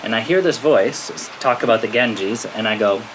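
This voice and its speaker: An American man, a spiritual teacher, telling a story to his listeners in a lively way, often checking in with "okay?" and laughing at himself. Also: lowish voice, moderate pace. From United States. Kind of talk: storytelling talk to a spiritual audience. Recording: steady rain-like background noise.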